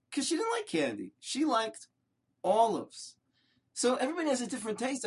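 An older rabbi teaches Torah with a husky, fairly high voice. He tells his stories with animation, fires off rhetorical questions, and hammers home short repeated phrases. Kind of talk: Torah lesson.

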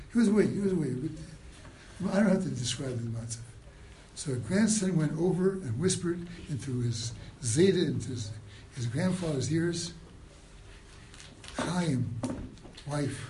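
A man giving a mussar sermon, moving from hushed storytelling to loud rhetorical questions, with Hebrew and Yiddish terms mixed in. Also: fairly high pitch, expressive, normal speed, slight background noise, low-quality recording. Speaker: rabbi giving a mussar talk.

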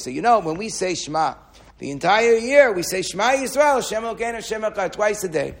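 A man's voice: high-pitched, expressive, fast talker. Man, teaching a torah class with lots of hebrew quotes and repeated words. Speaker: rabbi giving a Torah class.

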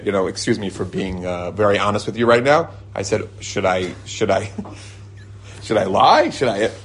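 A man in Israel, his voice with a breathy edge, animatedly tells a group lively stories woven with religious teaching. When quoting people he often springs into a high, excited voice, and he chuckles and restarts sentences midway.

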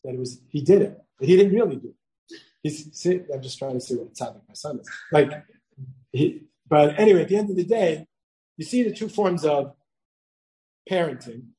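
A man's voice: on the high side, animated, normal speed, warm tone, low-quality recording. A middle-aged man teaching a Torah class to students, conversational, asking "right?" again and again, telling stories from home and mixing Hebrew and Yiddish terms into his English. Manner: conversational, asks "right?" often, tells personal stories.

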